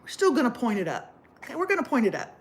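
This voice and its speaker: A man's voice: very high-pitched, huge pitch swings, fast, exaggerated voice. A woman voicing a polite, eager young man who asks sheepish favors while she tells a story. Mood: sheepish pleading.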